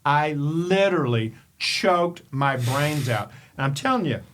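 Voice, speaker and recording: An older man from Kentucky, a podcast host and coach, telling a story in an animated, emphatic way and firing off rhetorical questions. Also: a little high, measured pace, slight background noise. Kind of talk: storytelling monologue.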